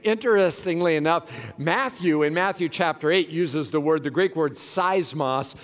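A man preaching a sermon as a pastor, dramatic, swinging from loud cries to hushed words, in a church sanctuary. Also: fairly high pitch, moderate pace. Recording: long hall reverb.

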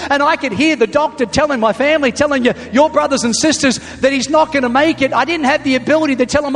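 A middle-aged man preaching a sermon as a pastor, telling a story emphatically and building to loud punchlines. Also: very high-pitched, quick pace, hardly any pauses. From Australia. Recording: long hall reverb, faint music.

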